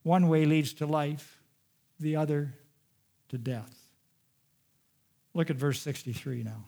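A man preaching a sermon, retelling a scripture story with dramatic swings from raised, urgent delivery to hushed, quiet passages. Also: on the high side, takes it slowly, creaky. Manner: dramatic storytelling, rising loud and dropping hushed.

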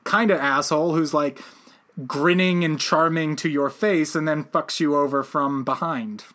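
Bright-voiced dude chatting about an old movie, kinda high voice, jokey, slips into quick voices. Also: male voice, steady tone. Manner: joking, acts out quotes in sudden voices. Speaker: podcast co-host. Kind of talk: casual film discussion.

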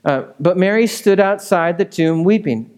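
A man delivers a sermon in a relaxed, talky way and keeps checking in with his listeners. His voice sits a little high for a man. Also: normal speed. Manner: conversational, asks the room questions. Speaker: pastor.

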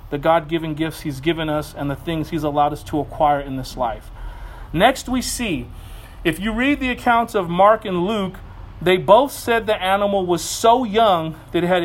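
High-voiced earnest male pastor. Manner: earnest, animated storytelling with quick asides. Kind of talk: sermon.

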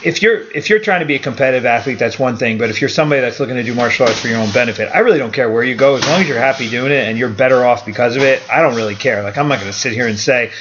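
A man's voice: medium pitch, rapid-fire, few pauses. Guy hosting a gym podcast, blunt and rambly, lo-fi sound with a lot of noise behind him. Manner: laid-back, blunt, rambling storyteller. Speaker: podcast host and martial arts coach. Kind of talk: casual interview chat. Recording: lo-fi with clear background noise.

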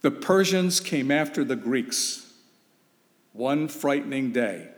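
A man's voice: mid-range voice, lively intonation, takes it slowly. A man preaching a sermon, emphatic and urgent, putting rhetorical questions to his listeners. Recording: long reverb of a hall.

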